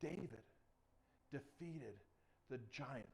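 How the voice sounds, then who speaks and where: A young man telling a bible story to children in a playful, animated way, full of sound effects. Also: on the high side, normal speed. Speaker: children's ministry leader.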